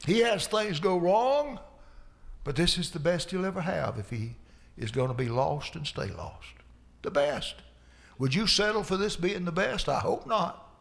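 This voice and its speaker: A man's voice: high voice, animated, a little slow, vocal fry, fairly bright tone. A male preacher giving a folksy sermon, repeating lines for emphasis.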